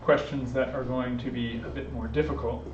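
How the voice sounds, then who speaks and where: A man's voice: medium pitch, fairly even intonation, moderate pace, recorded from a distance, a little hiss or hum. A man giving an informal lecture to a small group, thinking aloud with frequent fillers and restarts. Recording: roomy, dull lo-fi room recording.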